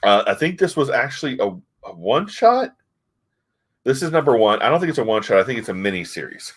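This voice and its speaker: A man's voice: medium pitch, sing-song, quick pace, breathy edge. A man casually reviewing comic books, rambling with many fillers and restarts.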